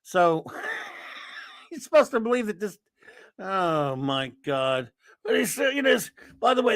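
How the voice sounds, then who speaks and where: A man's voice: high-pitched, sing-song, a little slow, creaky, pauses often, fairly bright tone, dry recording. A man hosting a casual live stream, rambling and sarcastic as he greets viewers and rants. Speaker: host of a live stream chat.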